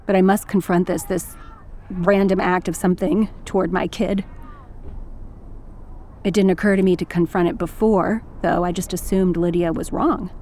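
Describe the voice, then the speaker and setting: A woman's voice: lowish voice, fairly even intonation, moderate pace, mellow. A woman narrating a first-person story in a wry, intimate way with flashes of anger.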